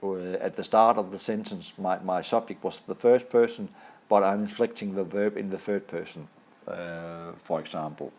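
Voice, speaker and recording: A man from Denmark with a Danish accent, a native Danish speaker, explaining a language lesson over slides and pausing often to find his words. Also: sits low, fairly even intonation, a little mellow. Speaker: language teacher.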